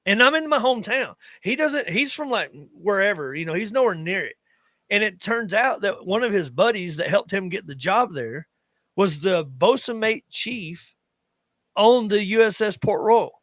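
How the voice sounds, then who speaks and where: Rambling and self-interrupting, an Appalachian-accented man in his thirties from western North Carolina tells stories in casual chat as a podcast co-host, often breaking off mid-sentence. His voice is high-pitched and a bit bright, with lively intonation and a moderate pace. The audio is dry.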